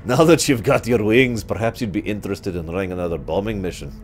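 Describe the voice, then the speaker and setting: A man reading a gruff, blunt dwarf wing commander in a put-on dwarf accent. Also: on the low side, fast, faint music behind, close to an everyday voice. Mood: briskly commanding.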